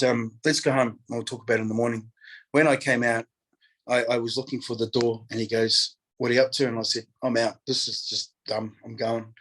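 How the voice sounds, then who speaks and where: Guest speaker, male, husky voice, mid pitch, animated storyteller who acts out quoted voices, New Zealand accent. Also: low-quality recording. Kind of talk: candid storytelling.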